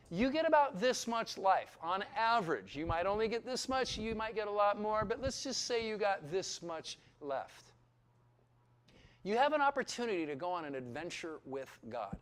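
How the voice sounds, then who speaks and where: A middle-aged pastor gives his testimony to a room of Bible school students. He sounds higher than most men and tells it with animated storytelling, acting out the old conversations and getting emotional near the end. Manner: animated storytelling, acts out dialogue.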